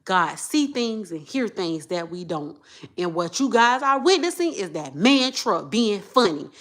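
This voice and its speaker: Addressing her viewers head-on, a woman vlogger gives an emotional, repetitive monologue that swings from muttering to loud outbursts. Her pitch moves widely while her pace stays measured.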